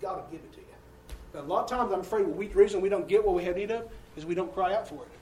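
Male preacher, high voice, folksy storyteller with big swings from loud to soft, recorded from a distance in a roomy church. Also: rapid-fire, a little hiss or hum. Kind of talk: sermon. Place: church sanctuary. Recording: echoey room heard from a distance.

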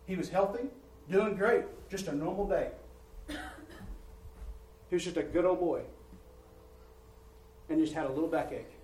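Preacher, echoey, from across the room. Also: male voice, moderate pace, pauses often, a little mellow, a little hiss or hum. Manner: preaching with swelling rises in volume and pitch, repeats words. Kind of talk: sermon. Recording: roomy church sound from a distant mic.

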